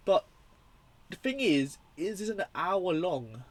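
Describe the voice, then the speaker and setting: A young man reviewing a horror film in a casual, rambling, profane and excitable way. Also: high voice, a little slow, dry recording.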